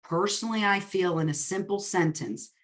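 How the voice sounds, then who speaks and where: A woman's voice: medium pitch, normal speed. A woman coaching real estate agents in a webinar talk, telling personal stories and acting out the dialogue in them. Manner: lively storyteller who acts out quoted dialogue. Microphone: webinar recording.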